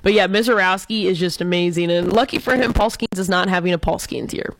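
A woman's voice: lowish voice, brisk, gravelly, no echo. A woman co-hosting a casual sports talk show, giving enthusiastic, opinionated takes like an eager fan. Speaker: co-host.

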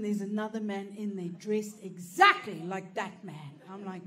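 High-voiced woman doing stand-up. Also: a little slow, hardly any pauses, crowd noise, background noise. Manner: animated, profane, bursts into shouting. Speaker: stand-up comedian. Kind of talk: stand-up comedy storytelling.

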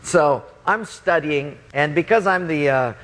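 A man's voice: on the high side, a little slow, fairly bright tone. A man animatedly telling a funny story from his own life, often laughing as he talks.

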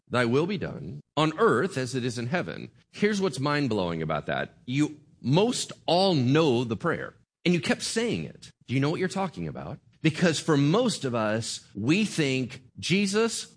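A man preaching a sermon to his congregation, conversational and animated, often checking in with the crowd. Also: medium pitch, breathy edge. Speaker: pastor.

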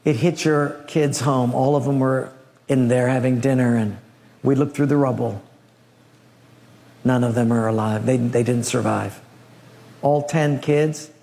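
A man voicing a grieving male messenger who delivers terrible news in a hesitant, stammering, low voice. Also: steady tone, a little fast, creaky, hardly any pauses, dark tone, close to an everyday voice. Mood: somber.

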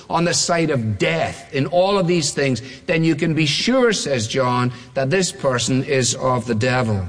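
A man preaching a sermon, emphatic and repetitive, leaning on slow stressed words. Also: on the high side. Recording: long reverb of a large hall.

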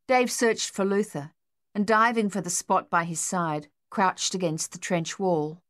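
A woman reads an audiobook in a steady, measured way. Her voice sits fairly low. The recording is dry and close, with no room sound. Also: no echo. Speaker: audiobook narrator. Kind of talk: scripted narration.

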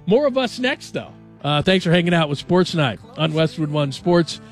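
A male sports radio host in a radio studio, talking in a chatty, animated and jokey way. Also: on the high side, moderate pace, soft background music. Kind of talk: casual sports talk.

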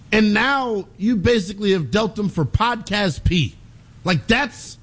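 Male co-host, bouncy high voice, animated takes, sports talk. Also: husky. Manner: animated, quick opinions, laughs easily. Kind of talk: sports talk radio banter.

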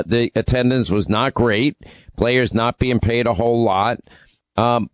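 A man's voice: mid-range voice, dry recording. A man hosting a radio talk show, rambling conversationally through ad reads and news, with fillers and restarts.

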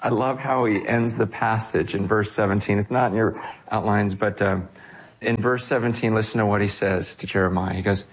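Animated man preaching a sermon. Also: on the low side, husky. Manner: animated, swings from hushed to raised and quick. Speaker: pastor.

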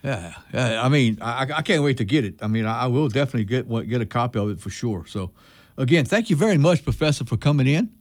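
Halting radio host, dry sound. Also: male voice, medium pitch, animated, dry recording. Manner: halting, repeats his words and restarts often. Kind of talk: casual radio interview. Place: radio studio.

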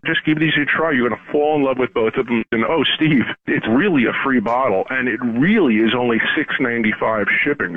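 A man in his fifties giving an eager, persuasive pitch as the expert guest on a radio infomercial. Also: dry recording. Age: 50s. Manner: eager, persuasive sales talk. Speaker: health product expert guest. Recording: tinny phone-like radio sound.

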